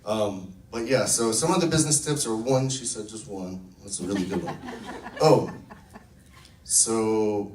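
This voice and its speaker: With a low, darkish voice and a slightly slow delivery, a network marketing distributor enthusiastically recounts his experience to a group and mimics what others told him. The room echoes, the mic is distant, and there's a faint hiss or hum.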